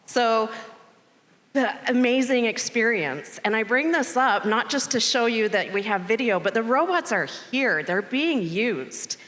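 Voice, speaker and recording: A middle-aged woman giving a welcome speech at a conference, telling a story in a chatty, animated way. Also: on the high side, unhurried. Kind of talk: conference keynote remarks. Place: large conference venue stage. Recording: long reverb of a large conference hall.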